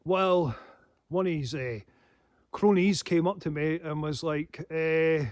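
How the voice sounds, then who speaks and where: Male vlogger, higher-pitched voice, dry close sound, rambling and swearing. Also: slow pace, darkish tone, no echo. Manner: heavy swearing, laughing to himself. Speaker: paranormal channel host. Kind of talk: casual rambling monologue.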